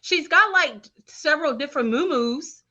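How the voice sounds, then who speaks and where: A woman's voice: sits high, animated, normal speed, sharp tone. A woman co-hosting a podcast, chatting casually and making blunt, crude jokes about a reality show. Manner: blunt, joking commentary with crude humor. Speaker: podcast co-host.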